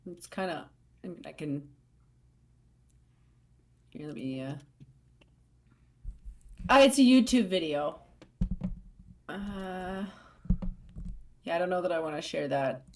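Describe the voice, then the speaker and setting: Woman, co-host, casual stream chat, halting, filler-heavy, easygoing. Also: low voice, darkish tone, a little hiss or hum.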